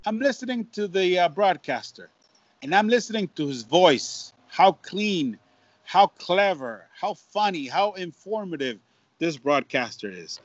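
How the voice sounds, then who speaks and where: A man, a baseball broadcaster, telling a story in an interview with lively repetitions and Spanish phrases. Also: high voice, measured pace, no echo, highs cut off. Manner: animated, repeats words, mixes in Spanish phrases. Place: at home.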